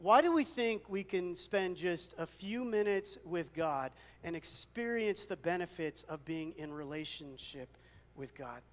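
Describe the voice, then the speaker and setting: A man's voice: high voice, expressive, measured pace, long reverb tail. A male pastor preaching a sermon, telling stories in a conversational way with self-deprecating humor. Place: church sanctuary.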